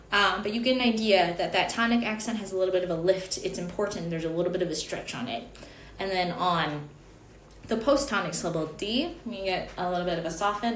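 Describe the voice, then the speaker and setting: A woman in her thirties teaching Gregorian chant over slides, explaining in a chatty way with little asides. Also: medium pitch. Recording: echoey room, faint background noise.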